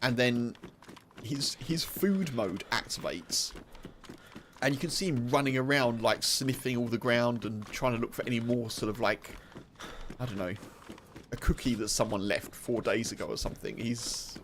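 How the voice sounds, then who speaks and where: A British man talks casually with his viewers while streaming a game. He rambles, laughs often and fills his sentences with "like" and "you know," at a middling pitch. A faint hiss sits under his voice. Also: moderate pace, a bit bright. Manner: chatty, laughing, rambling, full of fillers.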